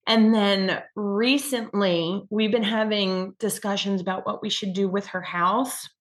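A woman's voice: mid-range voice, steady tone, unhurried. A young adult woman telling a personal story in a rambling, casual way, with many restarts and fillers, and getting choked up at times.

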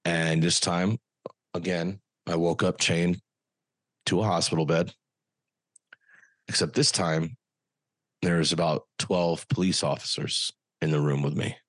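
A man speaking as a podcast guest, telling a personal story in an earnest, halting way with frequent pauses. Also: sits low, fairly even intonation, a bit bright, no echo.

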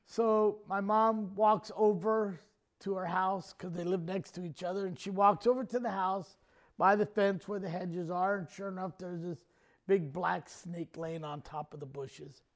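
High-voiced folksy preacher man. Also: steady tone, unhurried. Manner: folksy storytelling, chuckling. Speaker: pastor. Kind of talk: sermon.

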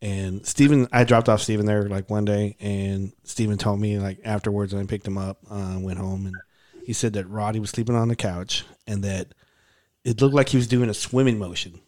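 A man's voice: lowish voice, fairly even intonation, normal speed, a little mellow. A man hosting a casual chat, talking in a rambling way with many fillers and restarts.

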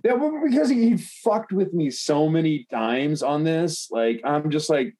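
A man's voice: a little high, expressive, unhurried, mellow. A man telling a long personal story in casual podcast chat, rambling with lots of fillers and swearing.

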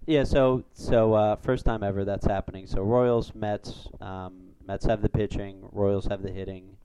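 Chatty sports podcast host. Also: male voice, lowish voice, a little slow, clear, resonant tone, poor audio. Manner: rambling, excitable when reacting to plays. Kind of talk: casual sports chat.

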